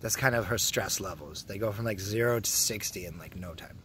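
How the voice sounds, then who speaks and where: A young man from Canada rambling crudely through a casual vlog, joking a lot and often dropping to a hushed mutter, recorded outdoors in a public spot. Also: fairly low pitch, brisk, slight background noise. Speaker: vlogger.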